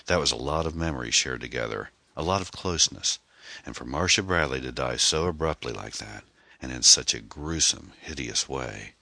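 Casting: measured male narrator for a mystery audiobook, very deep bright voice. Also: dry recording. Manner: measured, dramatic storytelling. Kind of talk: scripted narration.

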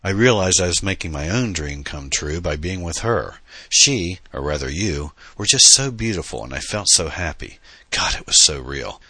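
A troubled, skeptical young musician , voiced by a male audiobook reader, speaks in an earnest, confessional way. The voice sits very low with a bright, forward edge. The recording is dry and close to the mic. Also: animated, moderate pace, slightly rough, no echo, heavily acted. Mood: wistful. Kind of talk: audiobook character reading.

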